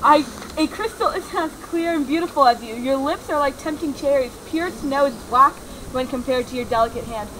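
A woman's voice: high voice, moderate pace, fairly bright tone, a little hiss or hum, poor audio. A woman playing a moody, jealous young male wizard making dramatic declarations. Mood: adoring. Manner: sulky, then flowery declarations.

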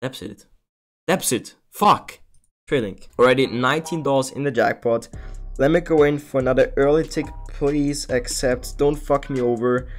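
A man's voice: medium pitch, fairly even intonation, normal speed, faint music behind. Exasperated young man pleading at a screen. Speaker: streamer. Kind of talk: casual gambling commentary.

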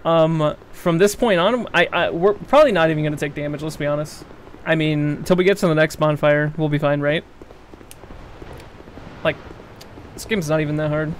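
Excitable young man streaming a game. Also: a little high, moderate pace, pauses often, slight background noise. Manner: excitable, yelps and pleads when in danger, sarcastic bravado. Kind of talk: live gameplay commentary.

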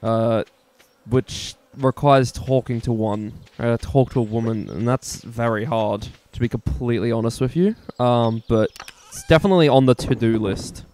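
A man's voice: medium pitch, normal speed, a little mellow, a little hiss or hum. A young Australian man giving rambling, profane, self-mocking commentary over his own gameplay. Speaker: gaming YouTuber.

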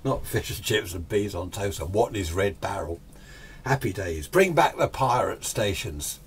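A man's voice: on the low side, expressive, a little slow, slightly rough. An older man chatting casually and rambling with chuckling asides. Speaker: hobbyist video host. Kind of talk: casual chat.

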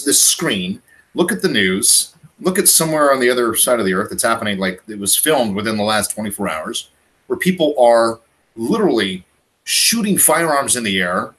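A man from Canada talking in a casual prepping chat, animated and emphatic, often repeating words. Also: mid-range voice, normal speed, rough recording. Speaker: guest on a prepping livestream.

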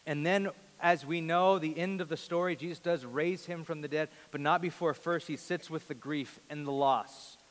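A man in his thirties preaching a sermon in a large church, earnest, rising to loud emphasis and dropping to a hush. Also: on the high side, steady tone, normal speed, long reverb tail. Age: 30s. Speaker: pastor.

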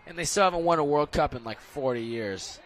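A young man doing casual, jokey color commentary for a school soccer stream, rambling and getting excited. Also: a little high, brisk, a little hiss or hum.

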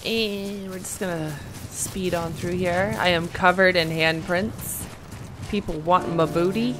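A woman's voice: fairly low pitch, steady tone, a little slow. A young woman giving casual commentary while playing a video game, reading game text aloud and chatting to herself. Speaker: gaming streamer. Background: game music.

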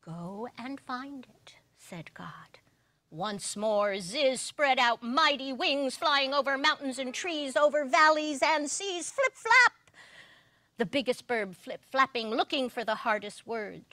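A woman giving an animated, expressive children's story reading at a worship service. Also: high voice, measured pace, dry recording.

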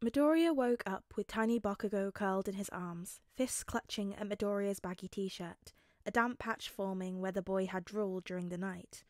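A woman narrating a fanfic audiobook in a calm, even storytelling manner. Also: medium pitch, moderate pace, no room sound, studio quality.

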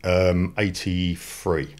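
A man's voice: deep voice, very slow. A man in his forties with a London accent, telling his life story in a blunt, slangy way. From England. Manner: blunt and unpolished, lively storytelling with dropped-in slang. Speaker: guest.

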